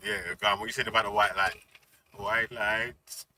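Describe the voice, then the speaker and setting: A man hosting a casual reaction chat, teasing and relaxed. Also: on the low side, moderate pace, vocal fry, crowd noise. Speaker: host.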